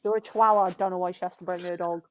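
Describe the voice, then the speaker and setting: A woman's voice: lowish voice, fairly even intonation, rapid-fire, lo-fi sound. A woman telling blunt, sweary stories about her shop customers in casual chat.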